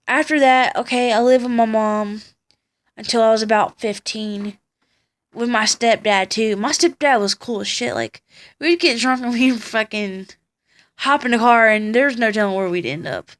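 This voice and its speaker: A woman's voice: a little high, fairly bright tone. A tired young woman telling a personal story on her vlog, blunt and profane as she recounts it. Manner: blunt and profane, heated retelling. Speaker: vlogger.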